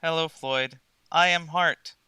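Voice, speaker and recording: A man narrating as game master, asking dry, deadpan questions. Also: fairly high pitch, slow pace, clear, resonant tone, no room sound.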